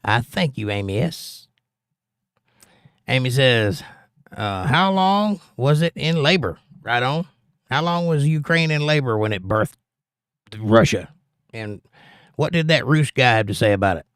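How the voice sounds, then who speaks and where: A man's voice: medium pitch, lively intonation, a little slow, pauses often, fairly bright tone, clean tone, no room sound, clean studio sound. A man hosting a casual livestream, reading viewers' chat comments aloud and arguing back at them.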